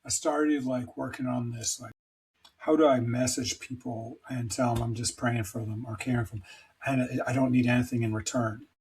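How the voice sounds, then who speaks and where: A man's voice: mid-range voice, steady tone, normal speed, a little mellow, poor audio. A middle-aged man talking as a podcast guest, telling personal stories in a rambling, emphatic, self-deprecating way. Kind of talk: candid conversational storytelling.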